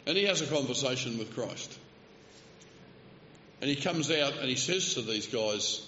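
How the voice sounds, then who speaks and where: A man's voice: medium pitch, animated, moderate pace, long pauses, pushed and bright, slight background noise. A male preacher delivering a sermon, telling the story vividly and acting out the quoted speech, with light asides. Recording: roomy hall, slightly dull sound.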